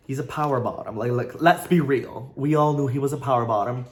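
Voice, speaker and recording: A man's voice: medium pitch, fast talker, few pauses. A man giving a casual vlog book review, playful and joking, rambling with frequent asides.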